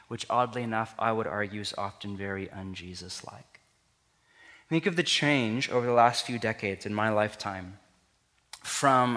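In a large hall with long reverb, a pastor gives a sermon in an earnest, conversational manner. His mid-range voice is bright and forceful, climbing when he wants to stress a point.

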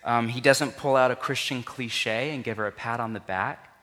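A man's voice: mid-range voice, moderate pace, fairly bright tone. A man preaching a sermon in an earnest, conversational way, his voice rising for emphasis. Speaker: pastor. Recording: long reverb of a large hall.

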